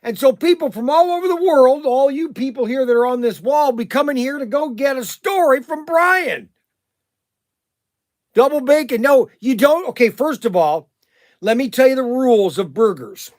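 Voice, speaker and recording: A man hosting a casual livestream, rambling and animated with many restarts and fillers, talking up his shop plans. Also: very high-pitched, normal speed, dry recording, studio quality. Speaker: livestream host and shop owner.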